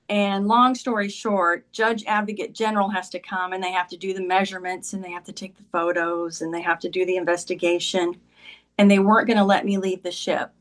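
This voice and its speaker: A woman's voice: medium pitch, a bit bright. A woman talking as a podcast guest, telling a personal story in a conversational way and often saying "like" and "he goes".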